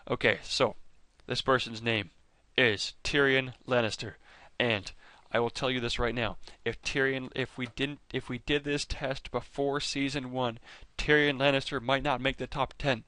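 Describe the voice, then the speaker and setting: A man's voice: mid-range voice, fairly even intonation, normal speed, few pauses, pushed and bright, dry recording. A man hosting a fan video, chatting casually over clips with enthusiasm, rambling and often stopping to correct himself. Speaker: fan video host ranking characters.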